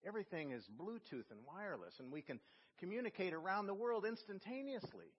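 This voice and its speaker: A male pastor giving a sermon, telling a story with slow, emphatic phrasing. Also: high voice, animated, slightly rough. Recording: long reverb in a church hall, dull lo-fi sound.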